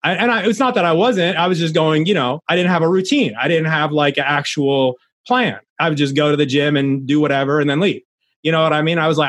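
A man's voice: a little high, quick pace, a bit bright, no echo. A young adult man, a podcast guest, talking earnestly in a casual interview, rambling with many restarts.

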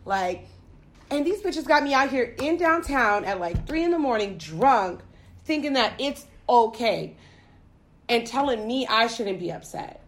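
A young woman from the United States telling a story in casual chat, profane and animated. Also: fairly high pitch, unhurried.

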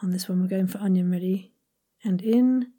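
A woman who hosts a podcast, leading a playful vocal warm-up lesson with crisp enunciation and frequent whispered asides. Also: on the low side, completely flat delivery, quick pace. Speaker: voice acting coach and podcast host.

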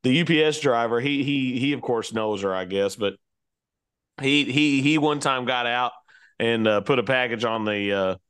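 Easygoing man with a smooth voice. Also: medium pitch, normal speed, fairly bright tone. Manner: easygoing, hedging, laughs often. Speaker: podcast co-host. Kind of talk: casual chat.

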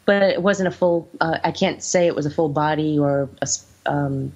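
A woman's voice: deep voice, normal speed, a little mellow. A woman who owns the house, casually telling anecdotes in a chatty way. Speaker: house owner and guest. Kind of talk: casual storytelling. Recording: muffled lo-fi audio.

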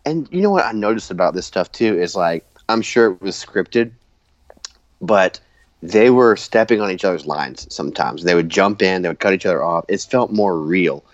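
A man's voice: deep voice, lively intonation, normal speed, no room sound. A man casually recapping wrestling episodes, laughing often and acting out quoted lines. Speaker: podcast host. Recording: dull, dry lo-fi sound.

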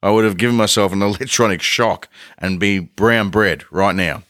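A man's voice: fairly low pitch, normal speed, fairly bright tone, no room sound, studio quality. A man co-hosting a podcast, chatting casually in a jokey, rambling way and laughing often. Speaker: podcast co-host. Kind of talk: casual chat.

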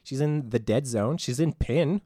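A man's voice: mid-range voice, a little slow, warm tone, dry recording, studio quality. A young man from Canada hosting a movie podcast, reading cast notes in a loose, joking way with some swearing. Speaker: podcast host. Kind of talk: casual movie podcast chat.

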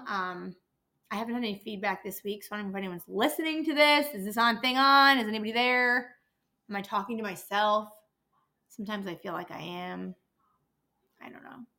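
On her casual solo podcast, a woman in her thirties from a dental office rants with exasperation and swears a lot. She speaks in a mid-range voice that's a bit bright.

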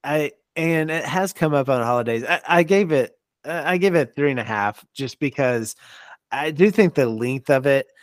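Young guy podcast guest, mid pitch, laughs a lot, lots of ums, dry mic. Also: animated, normal speed, dry recording. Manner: chatty, laughs often, hesitant fillers. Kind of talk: casual chat.

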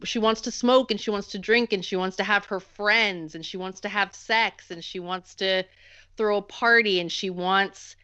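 A woman's voice: mid-range voice, steady tone, moderate pace, bright, forceful tone, smooth, no room sound. A woman in a casual film discussion, talking in long run-on lists with many fillers. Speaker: podcast co-host. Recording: dull lo-fi sound.

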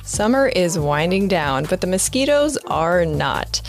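Woman podcast host, friendly and upbeat, lowish voice, faint music underneath. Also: sing-song, a little slow. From United States. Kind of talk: casual interview and ad reads.

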